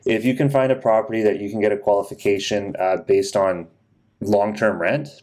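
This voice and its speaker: Low-voiced matter-of-fact mortgage broker man. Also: steady tone, darkish tone. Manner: matter-of-fact, explanatory, measured. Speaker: podcast co-host, mortgage broker. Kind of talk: casual podcast talk.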